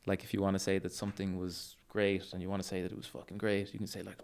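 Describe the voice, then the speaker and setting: A young Irish man, a jiu-jitsu coach, talking in a relaxed, enthusiastic way on a casual podcast. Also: low-pitched, fast, smooth.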